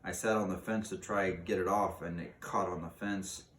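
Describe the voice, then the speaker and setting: A jittery young male crow frets and chatters in a low, deep voice, as a man reads him aloud from a storybook. The sound is echoey, picked up from a distance with a faint hiss underneath. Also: steady tone, moderate pace, fairly bright tone. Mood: anxious. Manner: anxious, talkative. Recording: echoey room, distant mic, faint noise.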